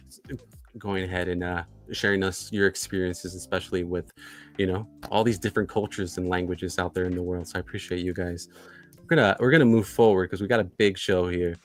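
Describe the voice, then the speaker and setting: A man hosting a livestream in a casual, chatty way, greeting viewers and reading their comments, with many fillers and repeated phrases. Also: low-pitched. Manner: filler-heavy, repeats himself. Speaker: livestream host.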